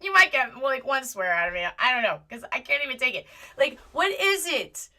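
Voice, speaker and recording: A woman hosting a live commentary stream from a home setup, animated and exasperated, often apologizing and at times close to yelling. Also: high-pitched, fairly quick. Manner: rises to near yelling at times. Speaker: livestream host. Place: home setup with green screen.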